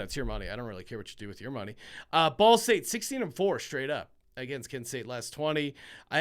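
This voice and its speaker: A man hosting a sports betting show, giving his picks in a conversational way with many fillers and quick asides. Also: on the high side, a bit bright, clean tone. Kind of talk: casual betting picks commentary.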